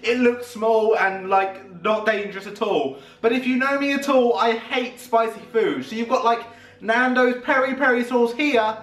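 A man's voice: extremely high pitch, a bit bright, far from the mic. A young man chatting casually and nervously to the camera. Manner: chatty, nervous, self-mocking. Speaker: YouTuber. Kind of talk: casual vlog challenge. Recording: echoey room, faint background music.

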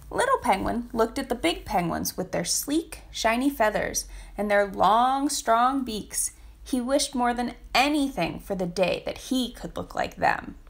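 A woman reading a children's picture book aloud for a family literacy storytime, expressive and lilting. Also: mid-range voice.

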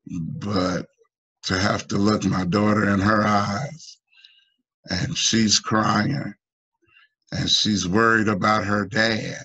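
A man from the United States giving halting, emotional personal testimony in an online town hall, full of restarts and fillers, his pitch climbing when he pleads. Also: steady tone, bright, forceful tone, slightly rough, dull audio. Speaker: union member asking a guest.

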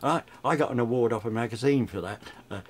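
Chatty older radio DJ. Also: male voice, mid-range voice, fast. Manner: chatty, rambling, frequent restarts. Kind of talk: reminiscing interview.

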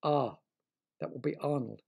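A man's voice: mid-range voice, measured pace, gravelly, darkish tone, slightly rough. A man voicing a mysterious, playful voice in a tent that quizzes two children, with grand, teasing questions.

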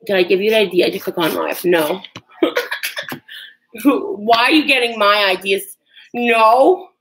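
A woman's voice: mid-range voice, takes it slowly, fairly bright tone, slight background noise, poor audio. A woman chatting casually on a livestream while she cooks in her home kitchen, nervous and self-deprecating, with sudden yelps. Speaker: livestream cooking host.

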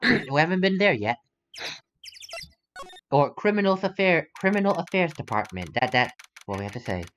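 A man's voice: a little high, very animated, moderate pace, pauses often, fairly bright tone, slight background noise. A young man hosting a let's play, casually commenting on a game in a rambling, self-correcting way.

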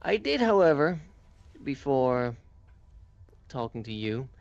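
A man voicing his character in a tabletop game, speaking smoothly and persuasively. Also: medium pitch, big pitch swings, takes it slowly, no room sound, muffled recording. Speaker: player. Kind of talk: in-character tabletop role-play.

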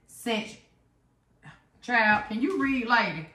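A woman, chatting excitedly and dramatically to viewers while unboxing gifts at home. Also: a little high, slow, pauses often. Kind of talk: casual chat to viewers. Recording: roomy echo, faint noise.

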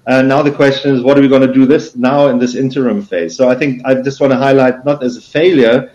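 Halting man panelist, muffled audio. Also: medium pitch, steady tone, darkish tone. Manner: halting, with many restarts. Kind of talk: online panel discussion.

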